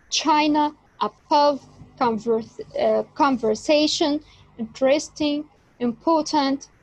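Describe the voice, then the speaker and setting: Woman, English teacher, slow careful delivery, emphatic stresses, high pitch. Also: no echo, low-quality recording. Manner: deliberate, emphatic on key words. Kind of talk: slow explanatory lesson.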